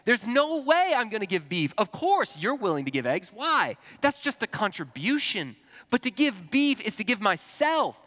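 A man voicing a stubborn male cow in a told story, loud and high-pitched in protest. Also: big pitch swings, moderate pace, full character voice. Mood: indignant. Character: stubborn talking male cow guarding himself.

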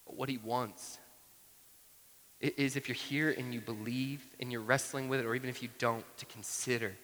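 A man's voice: mid-range voice, fairly even intonation, moderate pace, fairly bright tone. A man in his thirties preaching a sermon, telling a family story in a conversational way with frequent asides. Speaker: pastor. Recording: long reverb from a large hall.

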